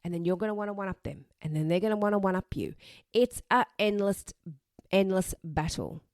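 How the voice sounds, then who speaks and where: A woman's voice: mid-range voice, fairly quick, darkish tone, no room sound, clean studio sound. A woman hosting a podcast, giving blunt, emphatic advice and repeating her points for emphasis. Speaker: podcast host.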